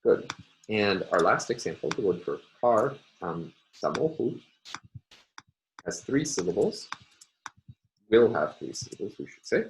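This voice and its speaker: A man giving a recorded university phonology lecture, explaining step by step with frequent "uh" and "um" pauses. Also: fairly low pitch, sing-song, slight background noise, poor audio.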